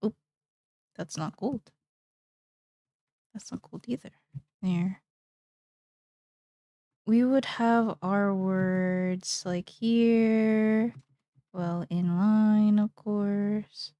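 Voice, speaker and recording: A woman's voice: mid-range voice, very slow, pauses often, mellow, no room sound. A young woman streamer chatting casually while she draws, rambling playfully and thinking aloud.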